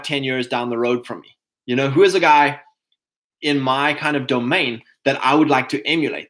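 A man's voice: on the high side, fairly bright tone. A man giving a casual, rambling motivational talk to other men as a podcast host, full of fillers and restarts, calling his listeners chaps.

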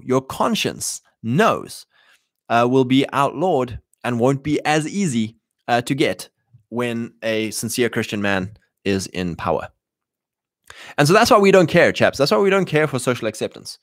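A man's voice: medium pitch, no room sound. Emphatic man in a dry, close recording. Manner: emphatic, with many fillers. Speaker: commentator. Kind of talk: opinionated monologue.

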